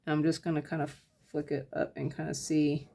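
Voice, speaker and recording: A woman giving a casual step-by-step painting tutorial, talking her process through in a relaxed, thinking-aloud way with lots of fillers. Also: sits low, fairly quick, vocal fry. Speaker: painting instructor.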